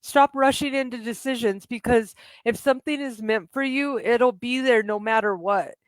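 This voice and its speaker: A woman's voice: fairly high pitch, moderate pace, no room sound. A woman giving a live spiritual reading as an angel healer, chatty and encouraging, often laughing. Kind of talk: live-stream spiritual message, casual.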